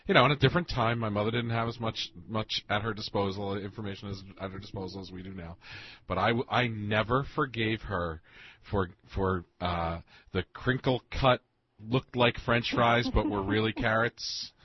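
A man co-hosting a radio talk show, wry and quick to laugh. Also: lowish voice, husky, highs cut off. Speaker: radio co-host.

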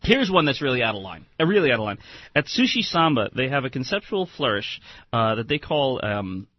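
A man's voice: medium pitch, big pitch swings, fairly quick, no room sound. A man hosting a restaurant talk radio show, telling amused stories in easy banter. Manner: chatty, amused storyteller. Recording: dry, slightly muffled studio mic.

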